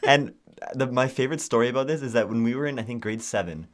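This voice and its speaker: Against a noisy background, a young podcast co-host with a mid-range voice talks fast in a casual chat. He's an animated storyteller who acts out the quotes.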